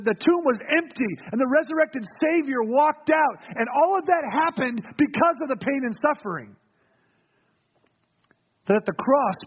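A man's voice: very high-pitched, breathy edge, highs cut off. A man preaching a sermon to his church, earnest and repeating key phrases for weight. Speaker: pastor.

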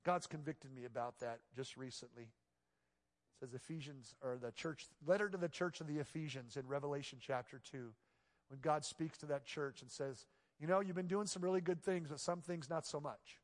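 A man preaching a sermon from the pulpit, his voice sitting a little high for a man. He shifts from quiet, close passages into loud, emphatic outbursts. The sound carries a long reverb tail from a large church sanctuary. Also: moderate pace. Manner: swings between hushed, intimate passages and loud, emphatic exclamations. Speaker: pastor.

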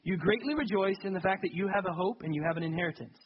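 A man's voice: high voice, quick pace, husky, highs cut off. A young adult man preaching a sermon in a conversational, self-deprecating way that builds to emphatic peaks. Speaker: pastor.

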